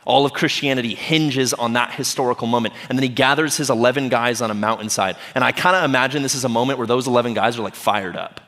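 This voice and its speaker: A man's voice: mid-range voice, fast, few pauses, fairly bright tone. A man preaching a sermon as pastor in a conversational, humorous way, often checking in with the audience. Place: church auditorium. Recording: long reverb of a church hall.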